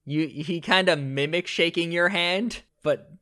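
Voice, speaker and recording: A man's voice: fairly high pitch, a little slow, sharp tone. A man running a tabletop game as game master, narrating loosely with many fillers and self-corrections.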